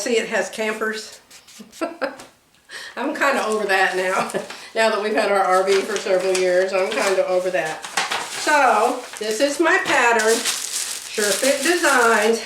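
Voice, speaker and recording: An older woman with a fairly high voice, rambling and chatty, laughing often as she talks. She sounds a little away from the mic in an echoey room. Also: recorded from a distance, background noise. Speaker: sewing vlogger. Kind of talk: casual chatty vlog. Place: home room.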